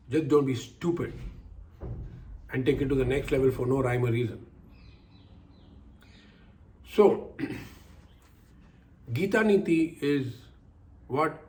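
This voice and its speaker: A man's voice: medium pitch, darkish tone. An older man telling personal stories as life lessons, acting out the voices he quotes and repeating phrases for emphasis. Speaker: speaker giving life lessons. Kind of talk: personal storytelling talk.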